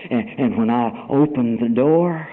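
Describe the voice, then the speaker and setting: Preacher man swinging from shouts to whispers. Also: medium pitch, a little slow. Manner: addresses congregation as brother. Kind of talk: sermon. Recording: tinny phone-like radio broadcast.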